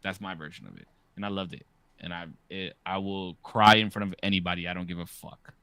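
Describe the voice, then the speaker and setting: A man in his thirties hosts a podcast, telling stories in a loose, profane, animated manner. His voice has a bright, forceful edge. The sound is dry and close. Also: low voice, fairly quick, clean tone, no room sound. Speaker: podcast host. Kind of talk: casual chat.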